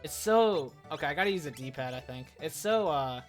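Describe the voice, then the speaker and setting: A chatty woman commenting on her own game during a live stream, joking and reacting as she goes. Her pitch is very lively and moves all over. Faint game music runs underneath. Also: moderate pace.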